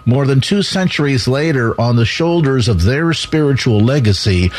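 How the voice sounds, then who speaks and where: A man's voice: mid-range voice, lively intonation, moderate pace, darkish tone. A man hosting a radio talk show, speaking in a reflective, articulate way with some stammering. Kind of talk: radio interview.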